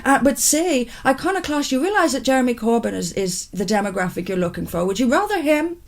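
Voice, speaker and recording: A woman delivers a political commentary monologue in a firm, measured way, laying out her reasons one by one. Her voice is fairly high. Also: expressive.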